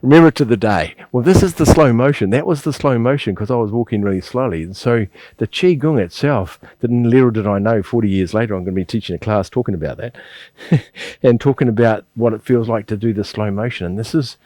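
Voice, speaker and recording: A man's voice: mid-range voice, brisk, warm tone, no echo, clean studio sound. A middle-aged man, teaching a qigong class and telling rambling stories with chuckles and restarts. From New Zealand. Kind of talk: instructional class with personal storytelling.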